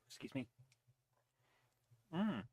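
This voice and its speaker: On a dry recording, a man speaks slowly in a darkish tone while live-streaming a game. He rambles, reads viewers' comments out loud and eats as he talks.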